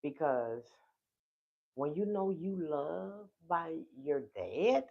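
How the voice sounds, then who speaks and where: A speaker with a New Orleans accent shares a heartfelt personal story with viewers. The delivery is emotional and drawn-out, and it often turns straight to the audience. The voice comes through a thin, phone-like livestream mic at a middle pitch. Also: expressive, creaky. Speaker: livestream host. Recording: tinny phone-like livestream audio.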